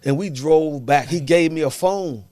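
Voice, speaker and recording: A man from Washington, DC, a podcast guest telling his story in relaxed slang and acting out what others said. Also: fairly high pitch, normal speed. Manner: animated storyteller who acts out other people's words. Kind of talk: casual storytelling interview.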